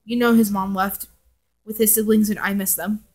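A woman reading the lines of a grown man consoling his grieving brother, gentle and soft-spoken. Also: medium pitch, level tone, normal speed, lightly acted.

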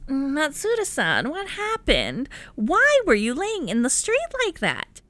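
A woman voicing a kind, concerned woman neighbor in a game, speaking gently, soothingly and insistently. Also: high-pitched, huge pitch swings, slow, dry recording, full character voice. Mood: gentle concern. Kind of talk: voiced game dialogue.

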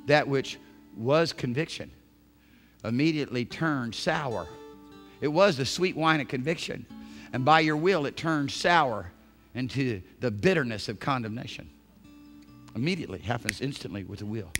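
A male pastor preaching a sermon in church, swinging from hushed, intimate phrases to shouted emphasis. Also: mid-range voice. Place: church sanctuary.

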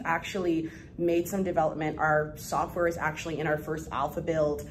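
A young adult woman, a guest entrepreneur in a casual interview, talking in an animated, effusive way with bursts of laughter. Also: sits low, normal speed, slight background noise, poor audio.

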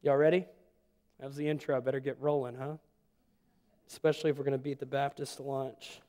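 A man's voice: mid-range voice, little pitch movement, brisk, warm tone. Man preaching in a reverberant hall. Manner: folksy, joking asides. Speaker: pastor. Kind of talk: sermon. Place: church sanctuary.

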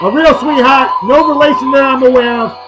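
A man's voice: very high-pitched, fairly even intonation, fairly quick, dull audio, over music. A man, hosting a casual beer-review vlog in a boisterous, joking, rambling way. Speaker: host.

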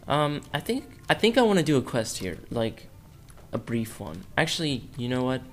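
A man's voice: mid-range voice, very animated, moderate pace. A young man giving rambling, joking commentary while playing a video game, chatting to the characters on screen. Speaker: gaming YouTuber. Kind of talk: let's play commentary. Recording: game music behind the voice.

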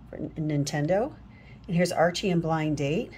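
A woman's voice: sits low, normal speed, a little mellow, slight background noise. A woman reading a comic book aloud in a casual, amused way, adding chatty asides between panels.

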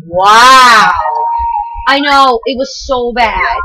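A woman's voice: high-pitched, slow pace, poor audio. A young female gamer rambling through let's play commentary with lots of fillers.

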